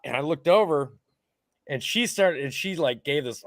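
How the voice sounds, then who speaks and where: A man co-hosting a podcast, telling a story in loose, casual banter. His pitch leaps and dips as he acts out other people's lines, with plenty of swearing. The sound is dry and close to the mic. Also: normal speed, dry recording. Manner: animated storyteller, swears freely, acts out quotes. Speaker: podcast co-host.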